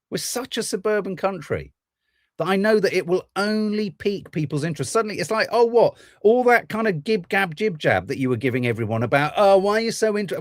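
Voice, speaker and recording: A man's voice: fairly high pitch, no echo, studio quality. A man hosting a podcast, ranting through political commentary with plenty of swearing. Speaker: podcast host.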